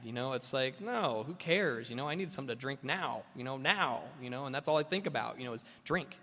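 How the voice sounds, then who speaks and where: Male speaker at a meeting, rambling storyteller, bright tone, hall echo. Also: medium pitch, expressive, brisk, hardly any pauses. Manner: rambling and self-mocking, many fillers. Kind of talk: personal story told to a meeting. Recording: long reverb of a meeting hall.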